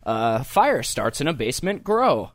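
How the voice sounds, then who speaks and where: Male podcast host, loose rambling chat with laughs and swearing, mid-pitched, dry close mic. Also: big pitch swings, unhurried, no echo. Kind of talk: casual chat. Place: home studio.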